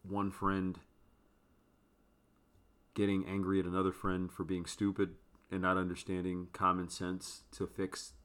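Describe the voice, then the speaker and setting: Podcast guest guy, really low voice, kinda rambles with lots of likes and ums. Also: monotone, unhurried, long pauses, fairly bright tone, clear, resonant tone. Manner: loose and rambling, with many fillers. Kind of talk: casual chat.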